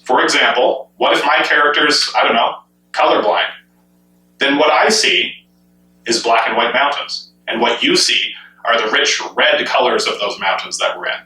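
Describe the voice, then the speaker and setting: Bright-voiced man in an echoey room. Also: mid-range voice, normal speed. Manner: enthusiastic, asks many rhetorical questions. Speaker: gaming commentator. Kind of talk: speculative solo commentary. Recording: echoey room, mic at a distance.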